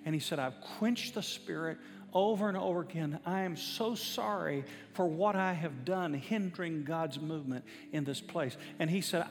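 A man's voice: a little high, background noise. A man, a pastor telling a story in a sermon, emphatic and building to fervent preaching. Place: church sanctuary. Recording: reverberant church hall with faint music.

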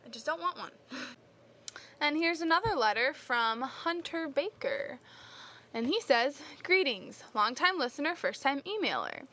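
A woman's voice: high-pitched, sing-song, measured pace, pushed and bright. A young woman co-hosting a podcast, reading listener mail in a giggly, playful casual chat. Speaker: podcast co-host.

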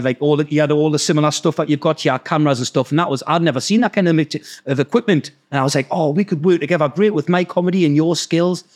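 Geordie bloke, chatty storyteller, fairly high-pitched, swears a lot and does everyone's voices. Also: male voice. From North East England. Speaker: podcast guest storyteller. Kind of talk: casual storytelling.

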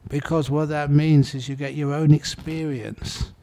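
A man giving a dharma talk as a meditation teacher, telling stories in a relaxed, anecdotal way. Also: on the high side, unhurried.

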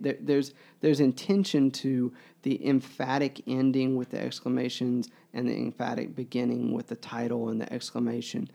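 Gravelly, mellow-voiced man musing aloud. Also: mid-range voice, monotone. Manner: musing, halting, many restarts. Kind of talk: casual literary discussion.

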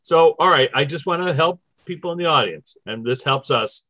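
A man's voice: a little high, lively intonation, normal speed, bright, forceful tone, no echo. A man hosting a casual spiritual chat, walking listeners through numbered steps. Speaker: host.

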